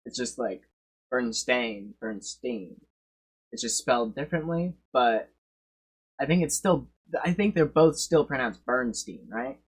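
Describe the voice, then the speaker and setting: A man streaming and reacting casually, swearing and breaking into loud excited bursts. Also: mid-range voice, moderate pace, slightly rough.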